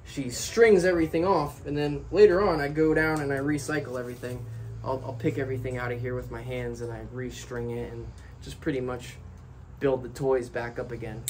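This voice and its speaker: A man's voice: medium pitch, fairly even intonation, a little fast, darkish tone, slight background noise, poor audio. Man, casual vlog chat, playful, talks to his pet birds. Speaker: bird owner and channel host.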